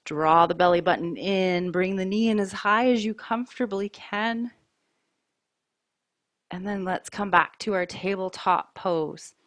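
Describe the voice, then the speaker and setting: A woman teaching a yoga class, giving calm, mindful cues about breath and poses while wearing a mic. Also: medium pitch, no echo, clean studio sound. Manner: calm, slow, mindful cueing. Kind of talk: guided yoga class instruction.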